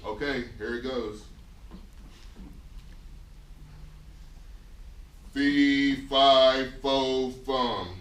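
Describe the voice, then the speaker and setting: A man's voice: mid-range voice, steady tone, natural voice. A man playing a dim-witted, bumbling giant. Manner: slow, bumbling, forgets his lines. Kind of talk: amateur stage skit. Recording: echoey room from far off.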